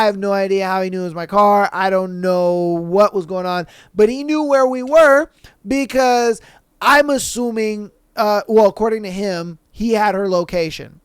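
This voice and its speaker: A man's voice: high voice, normal speed, fairly bright tone, smooth, dry recording. A male podcast host telling a long, rambling anecdote in casual, profane speech, acting out the other people in it. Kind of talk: casual storytelling.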